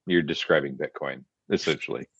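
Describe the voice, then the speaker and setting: Male podcast co-host, low voice, dry wry asides, dull muffled audio. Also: fairly quick, fairly bright tone, husky, no echo. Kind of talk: casual history podcast chat.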